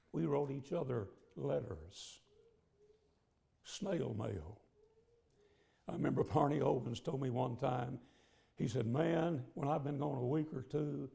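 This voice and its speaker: A middle-aged male preacher with a heavily gravelly, mellow voice pitched a little high for a man. He tells a long personal story from the pulpit in a relaxed, folksy manner, pausing often as he goes. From southern United States. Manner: folksy, conversational storytelling with many pauses. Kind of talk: storytelling sermon. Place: church sanctuary.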